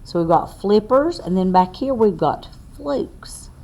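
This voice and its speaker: A woman's voice: mid-range voice, lively intonation, mellow. A woman teacher reads a picture book aloud to young children, asking the class questions as she goes. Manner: slow, sing-song read-aloud with questions to the class.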